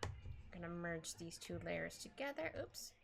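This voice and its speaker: A woman's voice: fairly low pitch, very animated, unhurried, vocal fry. A young woman, chatting casually and giggling as she draws live. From Canada. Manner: giggly, rambling, playful asides. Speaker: streamer drawing live. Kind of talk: casual chat while drawing. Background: faint music playlist.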